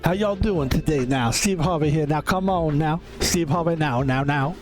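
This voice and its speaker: A man's voice: on the high side, normal speed, soft background music, lightly acted. A man putting on an over-the-top, charismatic male talk-show host with an exaggerated drawl and showy catchphrases. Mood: hammy.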